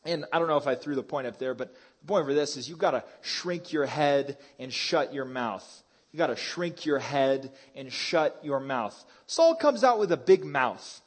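Casual, animated preacher, slightly high voice. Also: male voice, normal speed. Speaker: pastor. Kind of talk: sermon.

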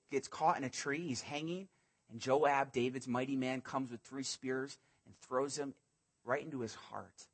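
A man's voice: mid-range voice, fairly bright tone, slightly rough. A male pastor preaching a sermon, animatedly acting out biblical dialogue in casual modern speech.

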